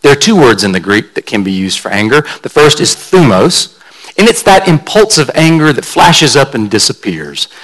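A man's voice: medium pitch, fairly bright tone, low-quality recording. A man pastor delivering a sermon in a conversational, storytelling way, carefully explaining word meanings like a teacher.

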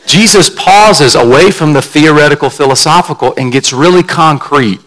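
A man's voice: fairly high pitch, normal speed, few pauses, fairly bright tone, a little hiss or hum, low-quality recording. A man pastor delivering a sermon in a conversational, storytelling way, carefully explaining word meanings like a teacher.

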